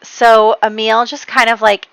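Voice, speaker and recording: A woman narrates her life-sim game in a loose, rambling way, full of fillers. Her voice is bright and forward, and the recording is dry and close. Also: a little high, level tone, a little slow, clear, resonant tone, no room sound, low-quality recording. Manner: rambling storyteller with many fillers. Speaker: let's play host.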